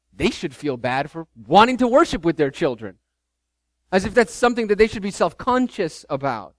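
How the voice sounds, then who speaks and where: A man, a pastor, preaching a sermon with animated delivery, acting out the disciples' complaints. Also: mid-range voice, no room sound.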